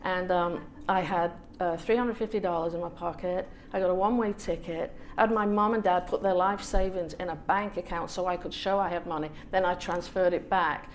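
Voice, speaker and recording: A woman from England, a guest author at a small event, telling a lively story with laughs and acted-out quotes. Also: on the low side, a little hiss or hum. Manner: lively anecdotal, laughs often, acts out quotes. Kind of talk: storytelling on a panel.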